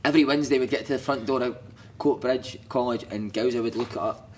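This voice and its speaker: Speaking quickly in a mid-range voice, a former footballer from Scotland tells casual stories as a podcast guest on a studio couch. He curses freely, laughs along and performs other people's lines, with a little hiss or hum in the background.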